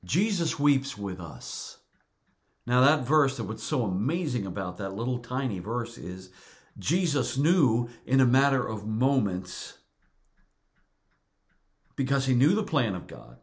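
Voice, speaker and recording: A middle-aged male pastor preaching a sermon, earnest and deliberate, repeating words for emphasis. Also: mid-range voice, sing-song.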